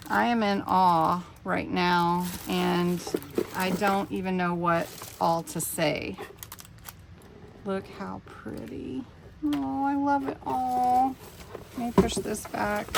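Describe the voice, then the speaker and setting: A woman in her fifties hosting a casual craft unboxing vlog, emotional and gushing, with halting pauses. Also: medium pitch, slight background noise. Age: 50s. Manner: emotional, gushing, breathy exclamations. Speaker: craft channel host.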